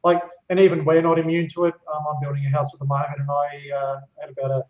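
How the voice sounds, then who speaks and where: A man's voice: fairly high pitch, little pitch movement, fast, echoey room, dull audio. A man, a property specialist guest, speaking hesitantly with many ums and uhs. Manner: hesitant, filler-heavy. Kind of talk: casual live-stream chat.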